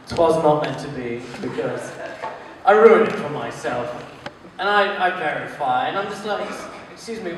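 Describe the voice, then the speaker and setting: Bawdy comic in a booming hall. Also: male voice, a bit bright, a little hiss or hum. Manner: crude, bawdy, chuckles at his own jokes. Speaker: stand-up comedian. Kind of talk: live stand-up routine. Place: comedy venue with audience. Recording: distant echoey hall with audience. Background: audience laughter.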